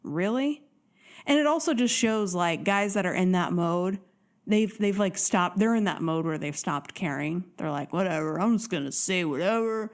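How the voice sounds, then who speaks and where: A woman's voice: lowish voice, measured pace. A woman hosting a dating podcast, talking casually and with energy, acting out quoted voices. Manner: animated, acts out quoted voices. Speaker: dating coach podcast host. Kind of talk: casual motivational monologue.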